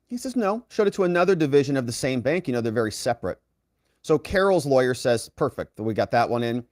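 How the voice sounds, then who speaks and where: Lively man recounting courtroom testimony. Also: mid-range voice, no echo, studio quality. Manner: reads quoted dialogue in a raised, lively voice; quick asides to the viewer. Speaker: legal commentator. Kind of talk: reading and commenting on courtroom testimony.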